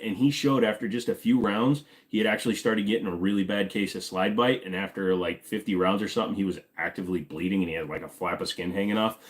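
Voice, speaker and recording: A man from Virginia hosting a casual live Q&A, rambling and joking while he answers chat questions. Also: on the low side. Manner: rambling, joking, talks while fiddling with gear.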